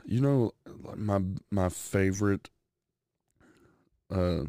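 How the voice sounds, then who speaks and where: A man's voice: fairly low pitch, slow, warm tone, no room sound, clean studio sound. A man co-hosting a podcast in casual chat, rambling and swearing a lot. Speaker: podcast co-host.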